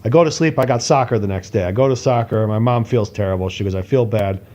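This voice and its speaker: A man's voice: medium pitch, lively intonation, quick pace, darkish tone, dull audio. A man co-hosting a podcast, telling a casual story animatedly, acting out voices and swearing now and then. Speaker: podcast co-host.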